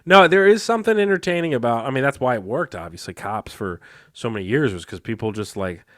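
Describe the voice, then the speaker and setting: A man in casual podcast banter who rambles through his thoughts with plenty of fillers and frequent laughter. His voice sits at a middling pitch, recorded close and dry with no room sound. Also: lively intonation, fast talker, no echo. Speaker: podcast co-host. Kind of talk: casual chat.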